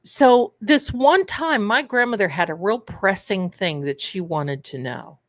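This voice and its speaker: A woman's voice: mid-range voice, lively intonation, a little slow, no echo. A woman hosting a manifestation and tarot show, telling stories in a casual livestream chat and calling her viewers darlings. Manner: chatty storyteller, addresses viewers as darlings.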